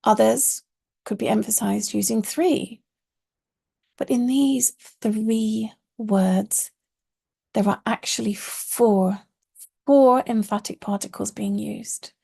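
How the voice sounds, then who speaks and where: Gravelly, husky woman teaching Arabic. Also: a little high, fairly even intonation, slow, dark tone. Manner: patient, explanatory, stresses key words. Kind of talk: online course lesson.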